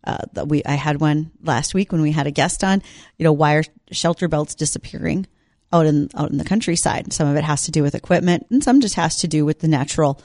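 A woman's voice: low voice, brisk, darkish tone, no room sound, studio quality. Woman co-hosting a farm radio show. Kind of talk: radio talk show chat.

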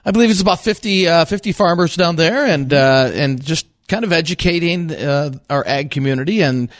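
A man co-hosting an agriculture radio show, talking in a halting way with many fillers. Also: a little high, no echo, studio quality. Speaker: radio farm show co-host. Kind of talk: radio talk show chat.

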